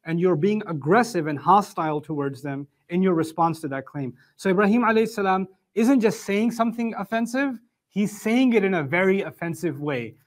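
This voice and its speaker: Animated male lecturer, higher voice. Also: fairly quick. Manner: animated, explanatory, emphatic. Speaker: Quran lecturer. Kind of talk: religious lecture.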